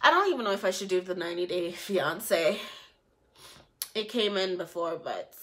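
A woman's voice: lowish voice, normal speed. A woman recapping a reality TV episode in a casual, scolding way, mocking the people in it. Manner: animated, scolding, mocking the cast in put-on voices. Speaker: reality TV reviewer.

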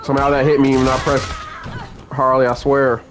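A young man hosting a gaming channel rants angrily and curses at the game as he plays. His voice is medium in pitch with a level tone and a brisk pace, and game music plays behind him.

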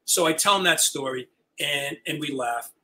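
An older man, a retiring high school teacher, telling stories as an interview guest and acting out the dialogue. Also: normal speed, slight background noise, rough recording. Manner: animated, acts out quoted dialogue. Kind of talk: storytelling chat.

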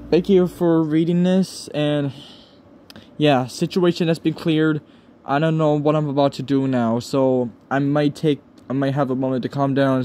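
A man near tears in an upset vlog rant, pleading with viewers, swearing and halting over his words. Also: fairly high pitch, dark tone, slight background noise. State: close to tears. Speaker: channel owner.

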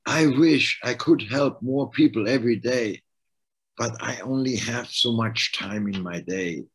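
Husky man with a German accent. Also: mid-range voice, a little slow, poor audio. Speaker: life coach, co-host. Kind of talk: casual conversational coaching talk.

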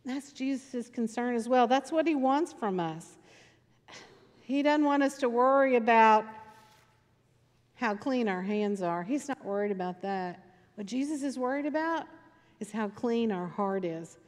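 A woman pastor delivers her sermon in a chatty, storytelling manner and hammers points home through repetition. Her voice sits a little high for a woman. It rings out with the long reverb of a church sanctuary. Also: expressive, measured pace. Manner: conversational storytelling with emphatic repetition.

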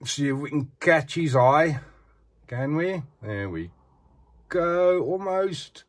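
Here an action figure collector speaks slowly in a fairly high voice with lively intonation. He chats casually while showing off a figure for his show-and-tell vlog, frequently asking the viewer "eh?"

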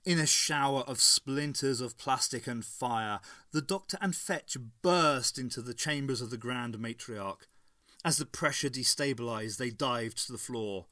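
Male narrator, measured and dramatic, mid-pitched voice, dry close recording, audiobook reading. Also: bright, forceful tone, no room sound. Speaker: audiobook reader. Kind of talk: unabridged novel narration.

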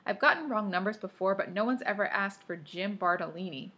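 A woman reading aloud, voicing a chatty teenage girl who is easily amused, in a slightly breathy voice. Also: mid-range voice, animated, brisk, a bit bright.

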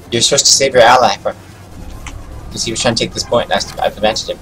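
A man's voice: mid-range voice, fairly even intonation, fast talker, noisy background. A man streaming a video game, giving casual commentary and taunting opponents as he plays. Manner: taunting, trash-talking opponents. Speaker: gaming streamer. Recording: game music loud behind voice.

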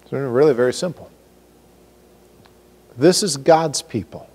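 A man preaching an expository sermon as pastor, animated and acting out scripture characters with comic exasperation. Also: medium pitch, measured pace, husky, in a large hall. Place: church sanctuary.

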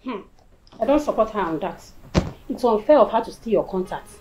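A Nigerian actress playing a loyal friend who pleads and soothes, mixing in Pidgin. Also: female voice, medium pitch, animated, a little fast, warm tone, slight background noise, lightly acted, rough recording. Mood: pleading. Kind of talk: film acting.

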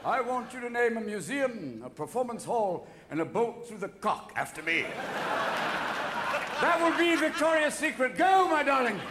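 A man voicing a theatrical, doting dying prince with a shrill, gushing manner. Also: very animated, moderate pace, heavy background noise. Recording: echoey theater, loud crowd laughter.

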